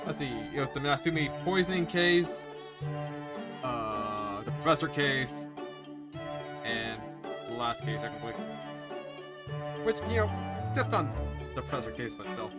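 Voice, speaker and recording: A casual streamer reading a story game's text aloud with chatty asides, over loud game music. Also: medium pitch, sing-song, unhurried, long pauses. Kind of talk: game let's-play narration.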